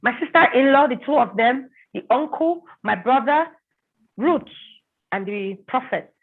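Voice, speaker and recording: A woman's voice: high voice, lively intonation, measured pace, husky. A woman telling a personal testimony in an interview, acting out the voices of the people in it. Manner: vivid storytelling, acting out quoted voices. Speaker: guest telling her story. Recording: tinny phone-like sound.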